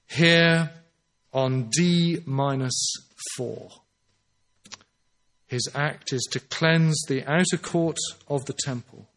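A man preaching a sermon in an earnest, emphatic way, slowing down on his key phrases. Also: mid-range voice, fairly bright tone.

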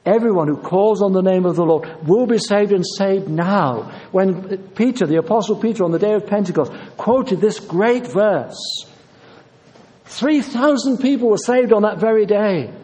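Preaching a sermon in a high, mellow and warm voice, this Yorkshireman speaks at a moderate pace. He is earnest and insistent, driving points home through repetition, while a long reverb lingers on each word as though in a large church hall.

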